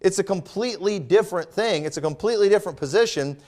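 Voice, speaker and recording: A man's voice: sits high, animated, fast, a little mellow. A male pastor preaching a sermon in a loose, conversational way, repeating phrases and adding asides. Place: church.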